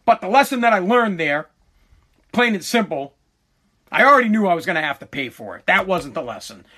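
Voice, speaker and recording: A man's voice: high-pitched, brisk. A man telling a long personal story in a casual, profane way, swearing freely and tripping over his words as he goes. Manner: animated, swears freely, stumbles and repeats words.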